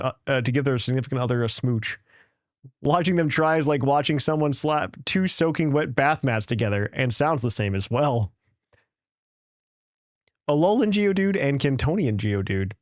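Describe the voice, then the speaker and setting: Playful man reading aloud, slightly high. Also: dry recording, clean studio sound. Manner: playful, jokey, stumbles over words. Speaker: podcast host reading a listener email. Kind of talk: casual podcast chat, reading aloud.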